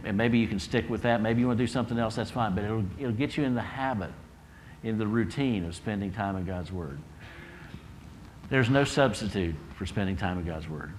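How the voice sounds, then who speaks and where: A man's voice: on the low side, slight background noise. A man preaching a sermon as pastor in a church, earnest, often restarting and rising for emphasis. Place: church sanctuary.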